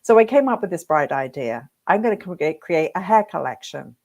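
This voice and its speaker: A British woman, a hairdressing coach, telling her career story straight to camera with lively check-ins to her viewers. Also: lowish voice, moderate pace, muffled recording. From Britain. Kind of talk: reflective direct-to-camera talk.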